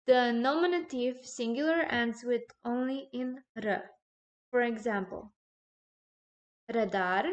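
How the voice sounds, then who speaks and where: A woman teaching a recorded grammar lesson, explaining slowly and checking in with "okay?" between points. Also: on the high side, dull audio. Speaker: language teacher.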